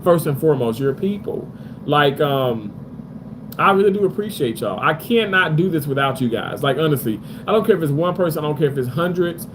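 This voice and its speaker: A man streams live from a hotel room, rambling to his viewers and reading their comments aloud. His voice sits somewhat high, and he uses plenty of fillers. A steady noise runs under the recording. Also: fairly quick. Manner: loose, rambling, many fillers.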